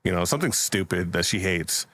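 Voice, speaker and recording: A young man in a loose, casual podcast chat, making up a story as he goes. His voice sits a little low, and he rambles, stacks up filler words and keeps breaking into laughter. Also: expressive, fairly quick, fairly bright tone. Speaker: podcast host.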